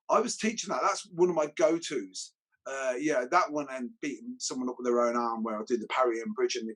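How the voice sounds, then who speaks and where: A man who teaches martial arts, chatting casually and telling stories with lively acted-out quotes. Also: fairly high pitch, breathy edge, low-quality recording. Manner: animated storyteller, acts out quotes. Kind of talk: casual chat.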